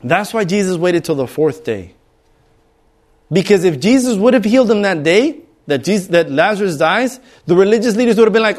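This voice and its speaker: A man's voice: high voice, expressive, fairly quick, darkish tone. A middle-aged man preaching a sermon in a conversational way, acting out bystanders with humor. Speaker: pastor.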